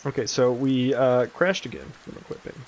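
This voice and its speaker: A man's voice: medium pitch, normal speed, a little hiss or hum. A young man chatting casually while he works on his game, rambling, swearing and laughing now and then. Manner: rambling, laid-back, swears and laughs often. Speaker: game developer streaming his work. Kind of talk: casual chat while coding.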